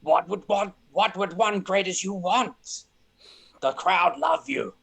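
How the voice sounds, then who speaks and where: A player voicing a husky, halting goblin. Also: medium pitch, a bit bright, voice pushed up, full character voice. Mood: earnest. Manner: slow, halting broken grammar. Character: humble, earnest goblin, broken speech.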